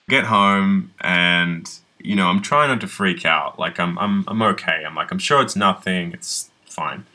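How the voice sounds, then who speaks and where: A man's voice: deep voice, pushed and bright, low-quality recording. An actor playing a young man on a date, telling a rambling, profane story about his wrecked room. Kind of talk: conversational web-series acting.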